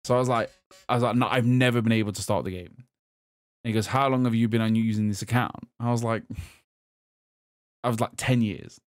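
A man from England on a gaming podcast, telling a long story in a casual, animated way and laughing as he goes. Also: mid-range voice, moderate pace, long pauses, no room sound, clean studio sound. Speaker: podcast host. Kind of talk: casual chat.

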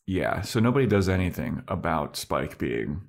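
A man's voice: low voice, very animated, moderate pace. A man co-hosting a casual podcast, recapping an episode and acting out characters' lines with plenty of swearing. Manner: profane, acts out characters' lines. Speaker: podcast co-host.

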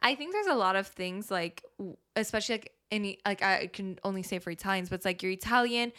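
A young woman in her twenties co-hosting a podcast, chatting casually, backing up her friend with quick agreements and the odd swear word. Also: mid-range voice, lively intonation, a bit bright. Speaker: podcast co-host. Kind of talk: casual chat.

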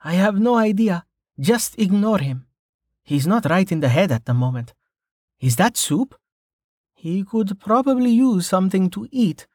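A woman's voice: medium pitch, animated, unhurried, warm tone, no echo, clean studio sound, voice pushed up. A male narrator voicing a caring young woman healer who scolds bluntly. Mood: chiding.

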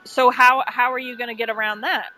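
A woman from Kentucky with a Kentucky accent, co-hosting a casual chat over a call, giggly and quick to exclaim. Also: a little high, steady tone, sharp tone, faint music behind, rough recording. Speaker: podcast co-host. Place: indoors. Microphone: call audio.

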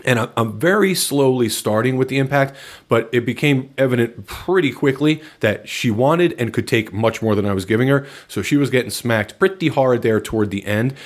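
A man recounting a personal story in frank, casual podcast chat, relaxed and matter-of-fact. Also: medium pitch, normal speed.

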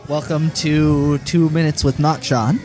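Slow-talking, wisecracking male co-host. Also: fairly high pitch, steady tone, over loud music. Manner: dry, wisecracking. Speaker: podcast co-host. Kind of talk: casual podcast banter.

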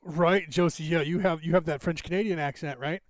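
American guy rambling on his podcast, lots of ums and restarts, kinda high voice, dry sound. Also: fairly even intonation, brisk, dry recording. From United States. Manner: rambling, many fillers and restarts. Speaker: podcast host. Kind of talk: casual commentary.

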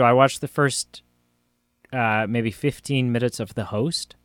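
A man's voice: mid-range voice, steady tone, a little slow, smooth, no echo, studio quality. Rambling jokey man on a podcast. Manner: rambling, jokey, trails off and restarts. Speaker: podcast co-host. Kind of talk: casual chat. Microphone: phone that cuts out.

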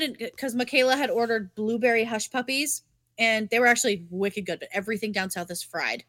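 A young woman, co-hosting a podcast and telling stories in casual chat, swearing freely and animated. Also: on the high side, normal speed. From New England. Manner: animated, swearing storyteller with many fillers. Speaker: podcast co-host.

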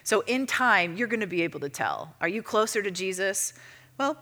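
A woman teaching a church audience in a casual, chatty way, full of fillers and lively storytelling. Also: medium pitch, brisk. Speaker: ministry teacher. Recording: long reverb of a hall.

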